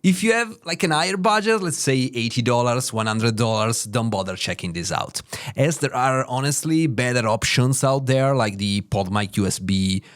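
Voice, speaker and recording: A man's voice: medium pitch, expressive, normal speed. A man with an Italian accent giving a casual, chatty review of microphones, full of fillers. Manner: chatty, informal, frequent fillers. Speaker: tech reviewer. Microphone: studio microphones being tested.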